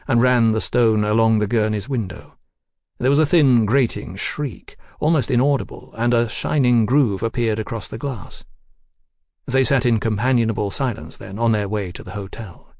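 A man reading a novel aloud as narrator in a measured storytelling style. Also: lowish voice, steady tone, a little mellow, dry recording, studio quality. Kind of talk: audiobook narration.

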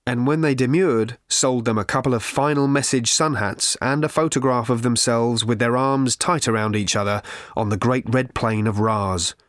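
A man reading a novel aloud as its narrator, in a measured, dry manner. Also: medium pitch, dry recording. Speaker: audiobook narrator. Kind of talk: scripted narration.

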